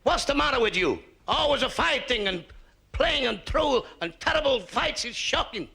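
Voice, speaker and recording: A man's voice: lively intonation, normal speed, creaky, bright, forceful tone, breathy edge, heavily acted. A man doing a nagging northern mum. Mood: scolding. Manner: nagging, exasperated, high falsetto. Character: scolding working-class mother, middle-aged woman.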